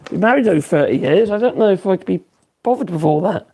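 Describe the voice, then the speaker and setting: Norfolk guy in his 50s rambling on a woodwork livestream, gravelly husky voice, kinda high for a bloke. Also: lively intonation, fast, dark tone. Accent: Norfolk English. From Norfolk, England. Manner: rambling, many fillers and restarts, chuckles. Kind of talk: casual livestream chat answering viewers.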